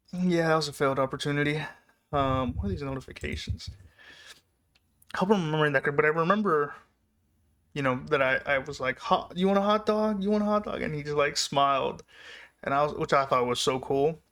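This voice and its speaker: A young man casually telling personal stories in a rambling way, laughing often and getting excited as he recalls them. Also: on the high side. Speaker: vlogger. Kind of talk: casual storytelling.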